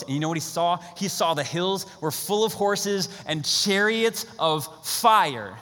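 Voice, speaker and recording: A man preaching a sermon with a bright, forceful voice pitched a little high. He talks in a casual, energetic way and acts out the characters as he retells a story. His voice rings with the long echo of a large hall. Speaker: pastor.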